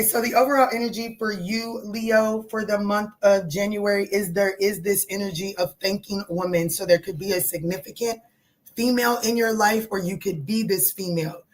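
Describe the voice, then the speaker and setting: A woman giving a casual tarot reading, talking in a chatty, animated way, swearing and joking with her viewers. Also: medium pitch. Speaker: tarot reader.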